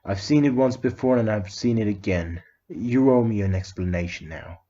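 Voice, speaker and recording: A man voicing a cool young male ninja rival who talks in a flat, demanding way, on a slightly dull lo-fi recording. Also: fairly low pitch, moderate pace, lightly acted.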